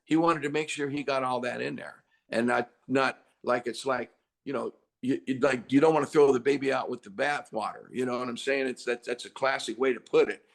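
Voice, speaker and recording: An older man, a rock singer, chatting as an interview guest and telling stories with lively acted-out quotes. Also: medium pitch, brisk, vocal fry. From United States. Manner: animated storyteller, acts out quotes loudly. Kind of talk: casual interview chat.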